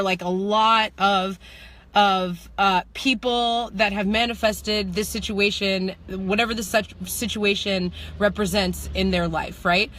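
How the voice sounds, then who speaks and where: A spiritual manifestation coach with a mid-range voice tells a personal story in her vlog. She is animated and laughs often, shifting between slow, reflective lines and quick, excited bursts that climb into shouts.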